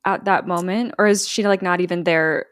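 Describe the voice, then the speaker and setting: A woman co-hosting a podcast, excitable and chatty, swearing and thinking aloud about theories. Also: on the low side, moderate pace, no room sound, studio quality. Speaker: podcast co-host listening to a plot. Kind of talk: casual chat.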